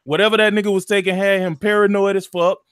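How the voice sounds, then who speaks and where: A man's voice: high-pitched, little pitch movement, fast, fairly bright tone, clear, resonant tone, no room sound, studio quality. A man, animatedly retelling a video game story in casual chat, full of slang and profanity. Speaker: gaming podcast co-host.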